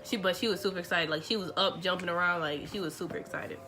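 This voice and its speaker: Young woman, casual vlog storytelling, animated, slightly low voice, faint background noise. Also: fast. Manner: chatty, animated retelling with quoted dialogue. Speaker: vlogger.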